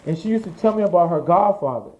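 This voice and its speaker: A man being interviewed as a fashion designer, telling his story in a lively, profane way and acting out the voices of the people he quotes. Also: sits high, quick pace, poor audio.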